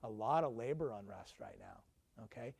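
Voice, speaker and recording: A man's voice: mid-range voice, huge pitch swings, normal speed, gravelly, darkish tone, husky. A man, a professor, giving a conversational lecture to alumni, peppering the room with questions and self-deprecating asides. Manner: conversational, quizzing the audience with questions.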